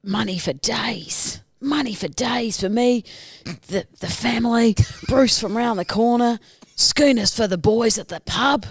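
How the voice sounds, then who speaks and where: A woman's voice: a little high, measured pace, vocal fry, husky, no room sound, heavily acted. Woman putting on a gleeful Aussie gold miner. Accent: put-on broad Australian. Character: rural Australian gold miner, gleeful man.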